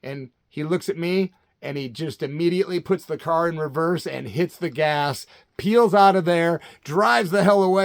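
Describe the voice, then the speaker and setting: Animated man in his late fifties. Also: a little high, normal speed, gravelly, no echo. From Central Illinois. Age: 50s. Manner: animated, says "man" constantly. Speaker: channel host. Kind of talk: casual storytelling vlog.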